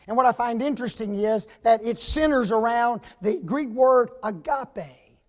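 A man preaching a sermon in a high voice, taking his time over every phrase. He punches key words, then falls to a hush and asks his listeners questions. The delivery is emphatic and pulpit-style. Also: unhurried. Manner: emphatic, swings from loud stress to hushed asides; asks the congregation rhetorical questions.

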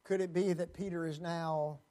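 A man's voice: fairly high pitch, steady tone, dark tone. A man preaching a sermon, dramatic, acting out pleading quotes and addressing the congregation as folks. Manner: slow, dramatic, acts out quoted pleas.

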